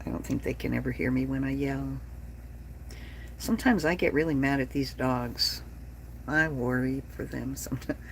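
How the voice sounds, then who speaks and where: A woman's voice: rumbling low, normal speed, creaky, pauses often, a little hiss or hum. A woman in her late fifties chatting bluntly and profanely with livestream viewers. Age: 50s. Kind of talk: casual livestream chat.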